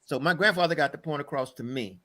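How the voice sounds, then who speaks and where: Older male guest, bright, forceful voice, emphatic, meandering storyteller. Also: fairly high pitch, fast. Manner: earnest, emphatic, rambling storyteller. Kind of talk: conversational storytelling.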